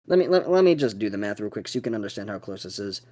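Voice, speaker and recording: A young man hosting a podcast, telling a story in a profane, excitable way. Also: on the low side, very fast. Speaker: podcast host.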